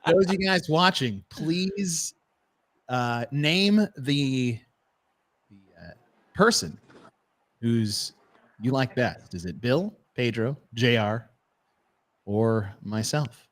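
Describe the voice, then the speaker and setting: A man hosting a casual podcast chat, animated and quick to laugh and swear. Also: mid-range voice. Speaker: podcast host.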